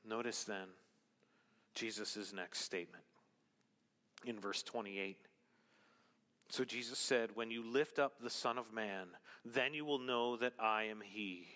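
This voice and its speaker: A man preaching a sermon as pastor, emphatic, rising to loud, high exclamations and dropping to quiet, low stretches. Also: slow, long pauses. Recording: long reverb of a large hall.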